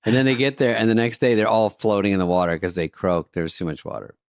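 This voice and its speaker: A man in his fifties co-hosting a podcast, telling stories in a dry, deadpan comedic way. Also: fairly low pitch, fast talker, clean tone, no echo. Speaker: podcast co-host. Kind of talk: casual comedic chat.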